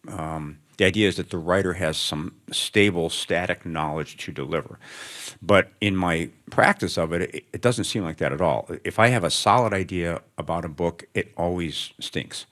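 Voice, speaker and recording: Middle-aged man, very low voice, a writer guest musing aloud to a student audience, loose and self-interrupting. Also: a bit bright. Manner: thoughtful, rambling, self-interrupting. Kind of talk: onstage interview before students. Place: lecture room with student audience.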